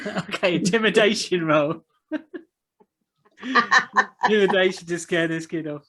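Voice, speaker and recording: A game master describing scenes casually, rambling through halting descriptions with many fillers. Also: medium pitch, fairly bright tone, poor audio. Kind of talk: casual tabletop game narration.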